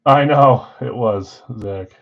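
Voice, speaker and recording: A man with a medium-pitched voice talks slowly on a live card break stream, casually listing names and teams in a friendly roll-call and mumbling asides as he reads the picks. The sound is lo-fi.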